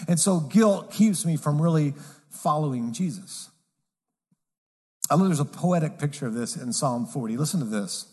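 Lively, animated male preacher. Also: normal speed, husky, in a large hall. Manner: animated and conversational, drops low and soft for emphasis. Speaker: pastor. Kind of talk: sermon.

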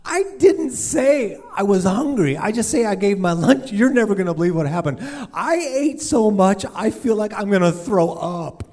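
Excited seven-year-old boy, put on by a man, high-pitched and breathless with news. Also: moderate pace, hardly any pauses. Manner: breathless, eager, tumbling over his words.

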